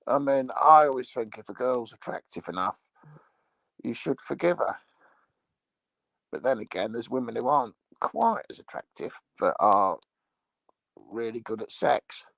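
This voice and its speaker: A man playing a crude, boastful English loudmouth in a rambling, foul-mouthed comic monologue, with an English accent. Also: medium pitch, gravelly, no room sound, heavily acted.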